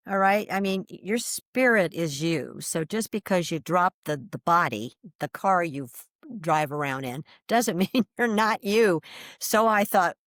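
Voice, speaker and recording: An older woman telling a personal story as an interview guest, animated and vivid, acting out the voices she quotes. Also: fairly low pitch, unhurried, no echo, studio quality.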